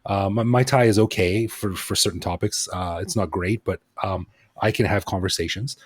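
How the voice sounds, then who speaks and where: A man hosting a podcast in relaxed, thoughtful casual chat with self-deprecating asides. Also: sits low, moderate pace, breathy edge, dry recording. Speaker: podcast host.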